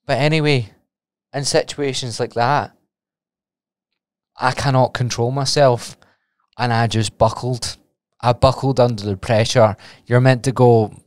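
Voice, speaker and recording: A man's voice: medium pitch, steady tone, a little slow, long pauses, no echo, clean studio sound. A Scottish man hosting a solo podcast, talking casually and rambling off on tangents, with the odd swear. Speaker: podcast host and personal trainer.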